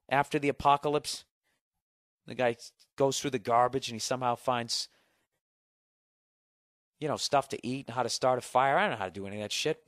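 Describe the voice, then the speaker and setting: A man rants his way through a solo podcast, swearing freely as he reads listener letters and answers them. His voice sits at an ordinary middle pitch. The sound is dry and close, with no room around it. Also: fairly bright tone, smooth, no echo. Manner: profane, ranting, reads listener letters aloud. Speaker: podcast host. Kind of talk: casual solo podcast rant.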